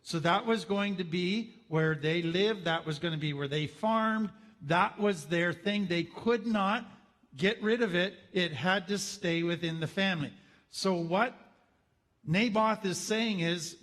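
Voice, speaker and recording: A man with a fairly high voice teaches in a relaxed, conversational way. He tells his story with wry, humorous asides, and his voice carries a long reverb from a large hall. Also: a little slow. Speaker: teacher on trauma.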